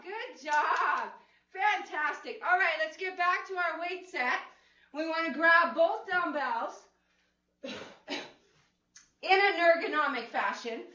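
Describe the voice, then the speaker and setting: A bright, high-voiced woman talks an exercise class through each move, playful and encouraging, with cheerful whoops. She speaks unhurriedly, and her voice rings in an echoey room, picked up from a distance on a dull, lo-fi recording. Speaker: fitness instructor. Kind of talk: chair-friendly exercise class instruction.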